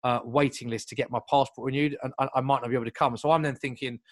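A young man telling a long story in casual chat, lively and full of asides and restarts. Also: medium pitch, no room sound. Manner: animated, fast, piles up asides and restarts.

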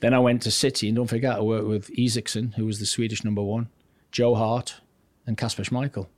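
Older man, low voice, career storyteller. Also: flat delivery, a little fast, dry recording. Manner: anecdotal, recounts career step by step. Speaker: former goalkeeping coach, podcast guest. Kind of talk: relaxed storytelling interview.

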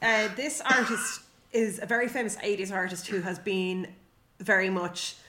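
A woman hosting a music quiz in a casual podcast chat, playful and quick to laugh. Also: mid-range voice, noisy background. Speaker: quiz host.

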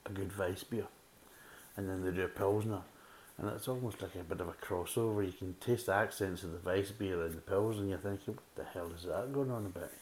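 A man's voice: low voice, fairly even intonation, brisk, a little mellow, low-quality recording. A man reviewing beer in a casual, blunt, rambling way, repeating himself often. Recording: faint background hiss.

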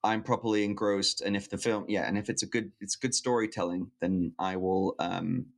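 A man's voice: on the low side, fairly even intonation, normal speed, creaky. A man co-hosting a podcast in casual chat, making reasoned arguments and thinking aloud as he searches for words. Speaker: podcast co-host.

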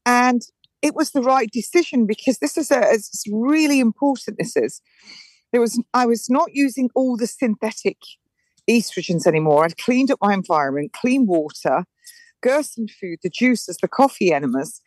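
A woman's voice: a little high, lively intonation, normal speed, darkish tone, no echo, poor audio. A woman in her forties, a guest in an interview, telling her story emphatically with frequent restarts. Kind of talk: casual interview chat.

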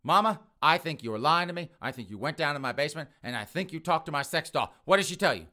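A man voicing a petulant grown son who shouts accusations at his mother, pitched high and loud. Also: expressive, fast. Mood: whiny, accusing. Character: whiny, hot-tempered grown son, male adult.

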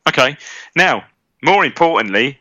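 A man's voice: a little high, animated, moderate pace, bright, forceful tone, dry recording. A man from England co-hosting a casual football podcast, eagerly chiming in and prompting his co-host. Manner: eager interjector, keeps prompting the other host.

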